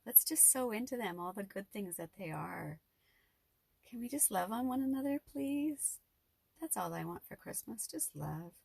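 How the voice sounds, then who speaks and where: A woman's voice: mid-range voice, animated, normal speed, vocal fry, darkish tone, breathy edge, no echo. A middle-aged woman talking to her viewers in an emotional, rambling personal vlog with a spiritual bent. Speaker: vlogger.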